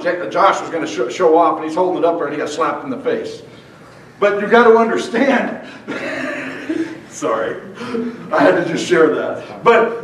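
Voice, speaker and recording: High-voiced preacher in a very echoey hall. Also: male voice, slight background noise. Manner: fervent, repeats and restarts words. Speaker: pastor. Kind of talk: sermon. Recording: very echoey hall, mic far off.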